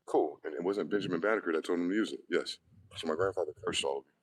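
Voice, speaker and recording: A man with a low-pitched voice delivers a heated, profane monologue. He fires off questions and answers them himself in a confrontational way. Faint noise and clicks sit under the recording. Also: quick pace, poor audio. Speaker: online video host. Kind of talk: ranting monologue.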